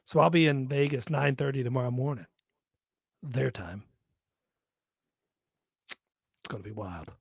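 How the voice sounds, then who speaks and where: A man's voice: medium pitch, animated, measured pace, gravelly, pauses often, breathy edge, no echo, clean studio sound. Profane rambling podcast host man. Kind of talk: casual live podcast chat.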